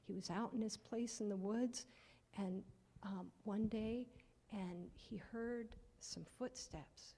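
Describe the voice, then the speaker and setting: A woman's voice: medium pitch, takes it slowly, mellow, husky, in a large hall. A woman telling a children's story at church, asking the children questions and often dropping to a near-whisper.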